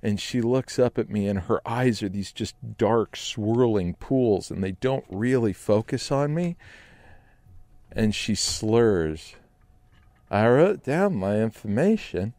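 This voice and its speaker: A man telling a personal story with dramatic flair, swinging between hushed narration and loud outbursts. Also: lowish voice, takes it slowly, dry recording. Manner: animated, shifts between hushed and shouting. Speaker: storyteller guest. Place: Los Angeles.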